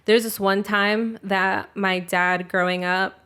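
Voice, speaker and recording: A woman's voice: medium pitch, fairly even intonation, takes it slowly, a bit bright, smooth. A young adult woman hosting a podcast, chatting casually and cursing freely, peppering her talk with "like" and acting out the voices of people in her stories. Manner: loose and profane, with heavy filler "like"; retells family stories by acting out the quotes. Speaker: podcast host. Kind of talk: casual chat.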